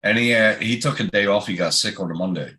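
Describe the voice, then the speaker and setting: A man's voice: fairly low pitch, quick pace, sharp tone. A middle-aged man, telling profane, laugh-filled anecdotes in casual chat.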